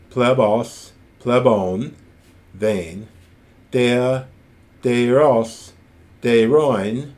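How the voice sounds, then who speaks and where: A man giving a recorded ancient Greek grammar lecture, reciting word forms slowly and deliberately, with enthusiastic asides. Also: on the low side, darkish tone. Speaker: Greek teacher.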